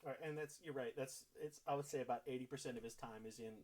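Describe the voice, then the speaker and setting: A man's voice: mid-range voice, fast, noisy background. A man narrating as game master, with loose, filler-heavy narration.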